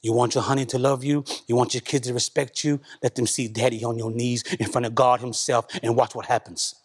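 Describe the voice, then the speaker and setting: Speaking briskly with a breathy edge, this man's medium-pitched voice holds a level tone. He shares an emotional testimony of a personal spiritual experience with his congregation during a church service. It's earnest and conversational, full of repetition and the word "man."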